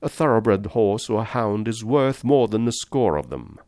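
A man's voice: fairly low pitch, big pitch swings, unhurried, a little mellow, dry recording, clean studio sound, pitched above the performer's own voice. A man reading the part of a polished, amused and condescending aristocratic general with cold-blooded views. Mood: suave.

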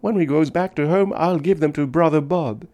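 A man's voice: a little high, normal speed, mellow, pitched above the performer's own voice, close to an everyday voice. A man reading aloud, voicing an earnest five-year-old girl with a childish voice and old-fashioned, folksy speech.

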